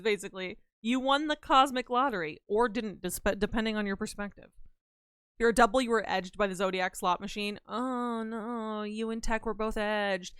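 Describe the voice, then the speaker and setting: Young woman, streamer, playful rambling chat, smooth clear voice, dry close sound. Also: mid-range voice, fairly even intonation, moderate pace, fairly bright tone, dry recording. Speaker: livestreamer. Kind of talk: casual chat with live viewers.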